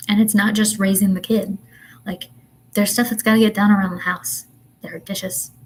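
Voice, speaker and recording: A woman's voice: medium pitch, a little hiss or hum, poor audio. A young woman, a mother, ranting in a casual livestream chat, exasperated and chatty with lots of ums and laughs. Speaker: vlogger and mother.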